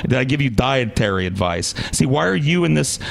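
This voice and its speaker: Gravelly-voiced man in his thirties, heated. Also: medium pitch, very animated, a little fast. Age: 30s. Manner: defensive, swearing, venting. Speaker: podcast guest. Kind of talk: heated live podcast argument.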